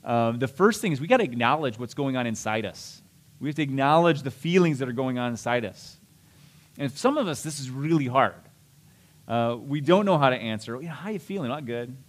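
A man's voice: medium pitch, lively intonation, fairly quick. A middle-aged man preaching a sermon as a pastor, conversational and self-deprecating, with restarts and asides.

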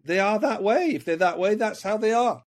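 A man's voice: sits high, lively intonation, moderate pace. A man talking as a coaching guest on a podcast, earnest and reflective, often repeating words while he finds his point. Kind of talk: podcast conversation.

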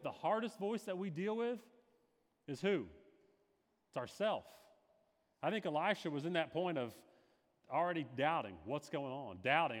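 A man's voice: fairly high pitch, animated, moderate pace, in a large hall. A male pastor preaching a sermon, slipping into quoted voices with dramatic shifts.

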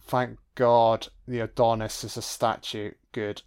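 A man giving an audio-only film commentary, reacting with profane, excitable remarks. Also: mid-range voice, a little slow, clear, resonant tone.

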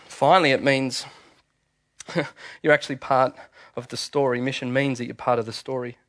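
A man preaching a sermon in a church, animated and conversational, often restarting his sentences. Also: medium pitch, moderate pace. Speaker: pastor.

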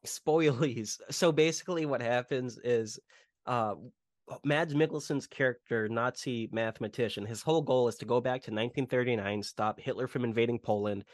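A man's voice: medium pitch, a little fast, no room sound, clean studio sound. A man casually retelling film scenes on a podcast, rambling with lots of fillers. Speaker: podcast host. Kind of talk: casual movie podcast chat.

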